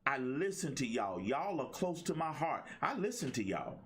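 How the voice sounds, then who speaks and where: A man's voice: mid-range voice, sing-song, normal speed, slight background noise. A middle-aged man hosting a motivational livestream, talking in a preachy call-and-response style. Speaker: host and life coach.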